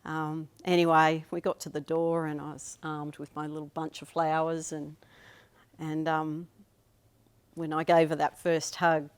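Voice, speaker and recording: A woman tells a personal story on stage, chatty and amused at herself. She speaks at an unhurried pace, letting sentences trail and restart. Her voice sits a little low for a woman. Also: level tone, clear, resonant tone. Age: 50s.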